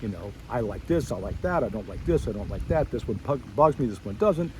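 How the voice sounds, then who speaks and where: A man's voice: on the low side, a little fast, slight background noise, rough recording. A middle-aged man speaking to old schoolmates at a reunion, telling a story from his school days in a rambling way and acting out his younger self's reactions. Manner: storytelling, acts out his own past reactions with rising excitement; wandering, self-correcting asides. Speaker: former student addressing a school reunion. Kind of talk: personal reminiscence to old classmates.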